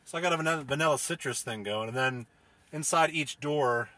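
A man's voice: fairly high pitch, moderate pace, bright, forceful tone. A young man, hosting a casual solo podcast from inside his car, rambling, profane and joking. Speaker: podcast host.

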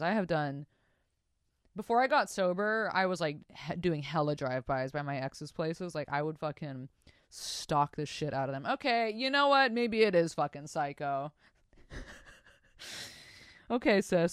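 A young woman runs a laid-back podcast, reading listener stories aloud and interrupting with animated, profane reactions, laughing and commenting along the way. Her low voice is smooth and clear, captured close and dry with no room sound, at a normal speed.

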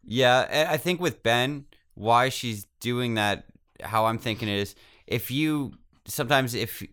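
A man's voice: mid-range voice, measured pace, a bit bright, smooth. A man co-hosting a casual book-discussion podcast, mostly giving short, laid-back replies and agreements. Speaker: podcast co-host.

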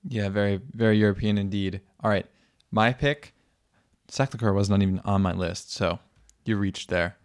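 A man's voice: on the low side, normal speed, no room sound, studio quality. A young American man co-hosting a podcast, telling stories in an enthusiastic, casual way. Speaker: podcast co-host. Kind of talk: casual chat.

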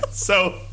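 A man co-hosting a podcast, rambling through a casual chat with a laughing, sarcastic manner. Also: pushed and bright.

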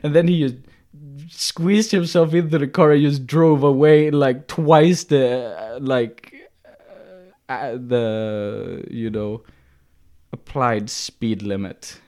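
A man's voice: mid-range voice, fairly even intonation, takes it slowly, a little mellow. A man co-hosting a podcast, telling a story in casual chat with many restarts and fillers. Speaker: podcast co-host.

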